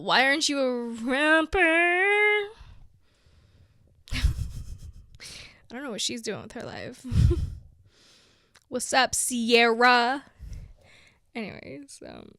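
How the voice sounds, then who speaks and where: Young woman from brazil, slow talker, giggly, dry close sound. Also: on the high side, bright, forceful tone, dry recording. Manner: giggly, playful, drops into whispers. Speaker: vlogger. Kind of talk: casual chat to camera.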